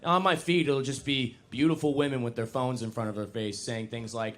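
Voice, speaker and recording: A young man performing stand-up comedy on a club stage, talking casually and poking fun at himself, now and then jumping into high mocking voices. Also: steady tone, brisk, hardly any pauses, a bit bright, slight background noise. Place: comedy club stage before a live audience.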